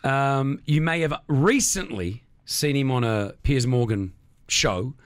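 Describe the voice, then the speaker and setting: Gushing Australian radio host, lively pitch. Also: male voice, takes it slowly. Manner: enthusiastic, gushing introductions. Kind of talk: radio studio interview. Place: radio studio.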